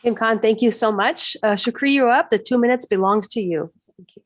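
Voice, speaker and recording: Brisk woman moderator timing speakers. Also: a little high, a little hiss or hum. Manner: brisk and courteous, keeping time. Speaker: forum moderator. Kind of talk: moderating a candidate forum.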